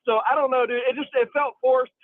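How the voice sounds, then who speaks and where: A man phoning in to a sports talk show, his high voice squeezed through a tinny phone line. He rambles casually and throws in dude. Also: steady tone, fairly quick, no room sound. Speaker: caller. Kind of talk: casual call-in chat.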